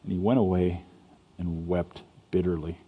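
A man's voice: deep voice, flat delivery, moderate pace, breathy edge, narrow, tinny audio. Man preaching in an echoing church hall. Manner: conversational preaching with stammered restarts. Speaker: pastor. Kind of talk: sermon. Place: church sanctuary. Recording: long reverb of a church hall.

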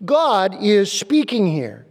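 A male pastor preaching a sermon in a church, emphatic and repeating key phrases slowly. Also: high voice, huge pitch swings. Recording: long reverb of a large hall.

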